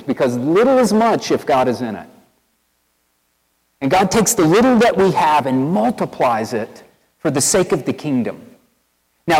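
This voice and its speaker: Southern pastor preaching in a reverberant church. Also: male voice, on the high side. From East Tennessee, USA. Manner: conversational storytelling, animated and earnest. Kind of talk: sermon. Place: church sanctuary with long reverb.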